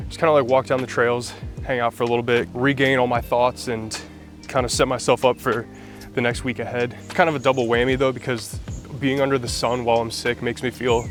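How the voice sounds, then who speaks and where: A man's voice: medium pitch, flat delivery, brisk, faint music behind. Congested young man vlogging casually. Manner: rambling, laid-back, lots of "like". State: congested from a cold. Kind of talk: casual vlog talk to camera.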